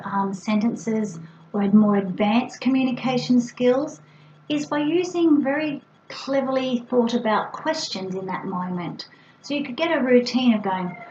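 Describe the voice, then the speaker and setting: Patient woman teaching, bright playful demonstrations. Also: fairly high pitch, a little hiss or hum. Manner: clear, patient explaining with exaggerated playful sound demonstrations. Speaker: speech pathologist. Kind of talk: instructional demonstration for parents. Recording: roomy, slightly dull with faint ambience.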